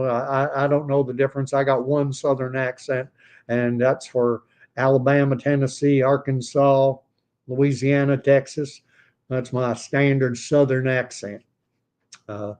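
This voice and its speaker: A man's voice: medium pitch, darkish tone. A man in his fifties from Canada, hosting a casual livestream and talking in a rambling, digressive way with many fillers and restarts. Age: 50s. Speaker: livestream host.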